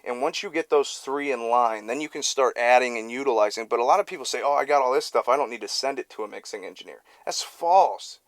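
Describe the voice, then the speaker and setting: A man's voice: mid-range voice, fast, few pauses, no echo. A man working as a mixing engineer, chatting casually to the camera into a close studio microphone, loose and conversational, often restarting his words. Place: recording studio. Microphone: close studio vocal mic.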